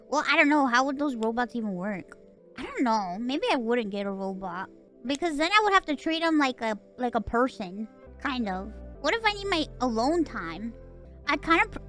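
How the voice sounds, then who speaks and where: A woman streamer telling a story in animated, profane, laughing casual chat. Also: sits high.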